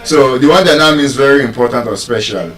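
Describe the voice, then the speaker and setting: A man's voice: mid-range voice, fairly quick, fairly bright tone, reverberant, far from the mic, low-quality recording. A Nigerian man teaching English word stress to a live audience, teasing them and asking questions.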